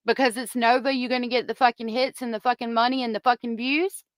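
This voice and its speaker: A woman's voice: a little high, fairly even intonation, fast, noisy background. A woman hosting a heated commentary stream, ranting angrily and swearing at viewers into a close microphone. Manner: angry, profane, ranting at viewers. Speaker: commentary channel host. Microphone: close desk microphone.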